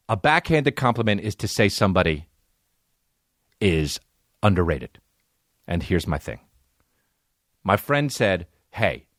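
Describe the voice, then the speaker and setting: A man's voice: low voice, no room sound. Guy in his 40s ranting comedy bits on a podcast, swears a lot, does silly voices, dry close mic. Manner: profane, animated storytelling with put-on voices. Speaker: podcast host. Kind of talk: comedic monologue.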